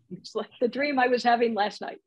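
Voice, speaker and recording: A slightly high, husky woman's voice leads a relaxed comedy writing workshop over a video call. She talks in a chatty way and breaks into laughter at her own examples. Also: moderate pace, rough recording. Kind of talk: casual online workshop talk.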